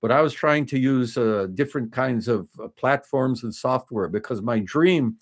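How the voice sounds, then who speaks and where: A man's voice: medium pitch, normal speed. A man in his fifties hosting a casual home livestream, rambling through restarts and fillers as he talks to his viewers. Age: 50s. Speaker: livestream host. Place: home desk, indoors.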